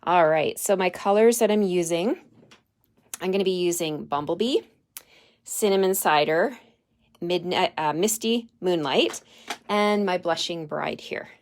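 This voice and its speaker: A woman's voice: fairly low pitch, a little slow. A woman hosting a live card-stamping demonstration, chatty and friendly, thinking aloud as she works.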